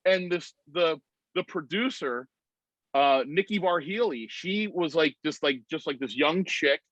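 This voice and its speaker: Man, animated storyteller, slightly high voice, dry muffled call audio. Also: a little slow, dry recording. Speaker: guest. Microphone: video call.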